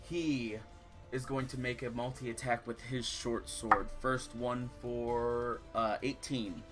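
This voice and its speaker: A young man narrates a tabletop battle as dungeon master, painting the action in lively detail between calls for rolls. His voice is bright and forward. Faint music plays behind him. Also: mid-range voice, takes it slowly. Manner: lively descriptive narration with rules talk.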